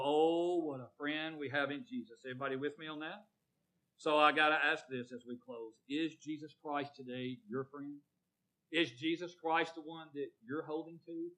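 A preacher man delivers a sermon with a bright, forceful edge in a slightly high voice. He calls on his congregation by name and asks for amens, swelling loud on key words before dropping almost to a murmur. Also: low-quality recording. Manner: swells loud on emphasis, drops to near murmur. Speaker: pastor.

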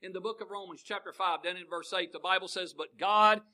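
Older preacher with a bright, high voice. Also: male voice, fairly even intonation, fairly quick, low-quality recording. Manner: folksy, call-and-response with the congregation, swings between booming and hushed. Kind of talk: sermon.

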